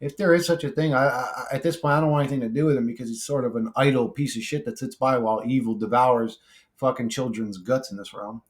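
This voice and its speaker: A man's voice: medium pitch, fairly even intonation, fast. A man chatting casually on his own channel, blunt and profane, rambling with restarts as he answers viewer comments. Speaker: YouTuber reading comment replies. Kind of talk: casual monologue.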